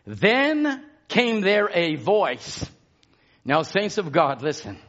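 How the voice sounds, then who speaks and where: A man's voice: high voice, huge pitch swings, takes it slowly, a bit bright, lo-fi sound. A man preaching a sermon with passion, his intensity rising and falling as he exhorts the congregation.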